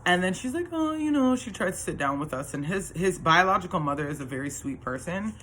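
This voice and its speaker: A woman's voice: low-pitched, expressive, quick pace, sharp tone, a little hiss or hum. A woman telling her own story in a casual, earnest monologue that rambles, with many restarts and fillers.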